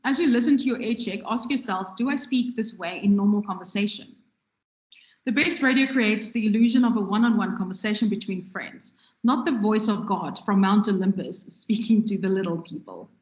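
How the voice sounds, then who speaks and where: A woman with a mid-range voice speaks at a normal speed, delivering a conversational recorded lecture on radio production and gesturing with her hands as she talks. The room is echoey and the sound is dull and lo-fi.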